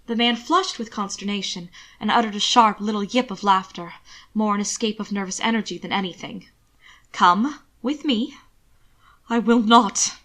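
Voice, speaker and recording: A woman's voice: mid-range voice, fairly bright tone. Woman reading fan fiction aloud. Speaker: narrator.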